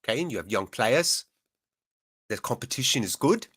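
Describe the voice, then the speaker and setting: A man doing a rough impression of a calm Danish male football manager, speaking in a measured way with a put-on Danish accent. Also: medium pitch, dry recording, clean studio sound. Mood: calm, earnest. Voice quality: measured, repeating "okay?".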